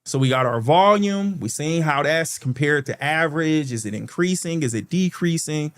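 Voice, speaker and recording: His voice sits on the high side, expressive and at normal speed, as this stock market channel host goes over charts on a shared screen. It's a chatty screen-share tutorial in which he keeps checking in with "okay" and calling his audience "guys."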